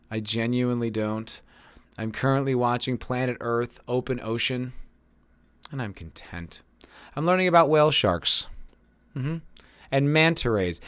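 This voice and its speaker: A man's voice: medium pitch, no echo. A man hosting his own podcast, reading news stories aloud and reacting with sarcastic, rambling commentary and frequent swearing. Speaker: podcast host.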